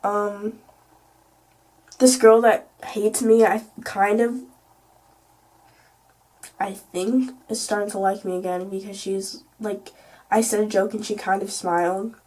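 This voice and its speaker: A woman's voice: mid-range voice, fairly even intonation, takes it slowly, pauses often, darkish tone. A teenage girl telling a casual storytime vlog, chatty and full of "like" and "you know". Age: teens. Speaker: vlogger.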